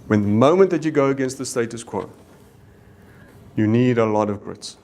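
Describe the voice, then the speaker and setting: A middle-aged man with a South African accent speaks to a room of leaders in an earnest, storytelling way. His voice sits at an ordinary middle pitch. He slips in the odd Afrikaans exclamation as he goes. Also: moderate pace, gravelly, a little mellow. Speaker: business leader. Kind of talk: leadership talk.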